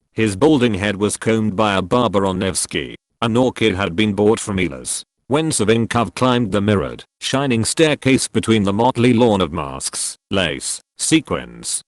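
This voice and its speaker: A man reads a historical audiobook in a measured storytelling manner. His voice is low, with lively pitch, and the recording is close and dry. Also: dry recording. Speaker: audiobook narrator. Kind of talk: scripted narration.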